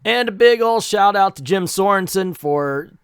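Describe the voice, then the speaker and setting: A man hosting a casual comic book reading, animated and joking, with frequent laughter and incredulous asides. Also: high voice, moderate pace, clear, resonant tone, dry recording, studio quality. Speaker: comic book video host.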